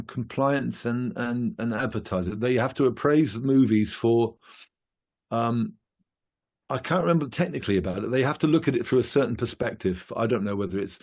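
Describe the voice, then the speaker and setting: A man's voice: mid-range voice, a little mellow. A male musician chatting casually in an interview, rambling with many fillers and restarts. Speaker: guest musician.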